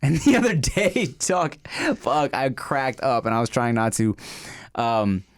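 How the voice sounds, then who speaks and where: A man with a mid-range voice, chatting on a podcast. He is relaxed and easygoing, laughs readily, and swears without thinking about it. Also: mid-range voice, measured pace, dry recording, studio quality. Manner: laid-back, laughing, swears casually. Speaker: podcast co-host. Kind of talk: casual podcast chat.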